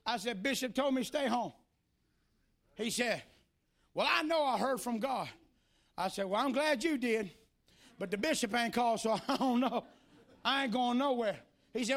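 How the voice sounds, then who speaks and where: A male preacher giving a sermon in church, moving between shouted, sing-song preaching and quieter, folksy storytelling. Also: extremely high pitch.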